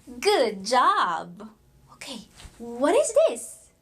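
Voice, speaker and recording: A woman's voice: a little high, sing-song, extremely slow, slightly rough. A woman teaching young children letter sounds, coaxing them to repeat in a sing-song way. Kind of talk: children's phonics lesson.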